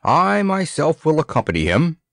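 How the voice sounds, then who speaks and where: A male reader doing an excitable old soldier. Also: a little high, normal speed, creaky, dry recording, studio quality, pitched above the performer's own voice, exaggerated voice. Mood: pleading. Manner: excitable and indignant.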